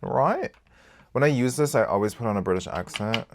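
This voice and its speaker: A man chatting candidly to camera as a beauty vlogger while doing his makeup, swearing freely and swinging between loud outbursts and quiet asides. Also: medium pitch, lively intonation, normal speed, heavy background noise. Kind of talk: casual get-ready-with-me chat.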